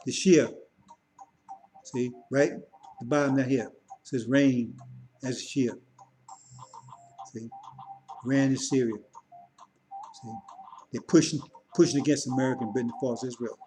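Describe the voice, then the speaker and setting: A man's voice: mid-range voice, a little mellow, slight background noise, poor audio. A man giving a mocking, emphatic religious critique monologue. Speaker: religious commentator.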